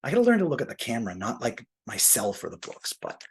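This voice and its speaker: A man with a very husky, rough-edged voice at an everyday middle pitch. He talks casually while he unboxes, thinking aloud and poking fun at himself. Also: huge pitch swings, fast talker, hardly any pauses, a bit bright. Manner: chatty and self-deprecating, thinking aloud. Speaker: comic book collector.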